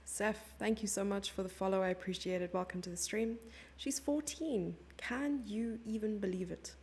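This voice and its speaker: A woman's voice: mid-range voice, fairly even intonation, a little fast. A young South African woman commentating a chess stream live and chatting with her viewers in a giggly, casual way. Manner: chatty, giggly, reads chat messages aloud.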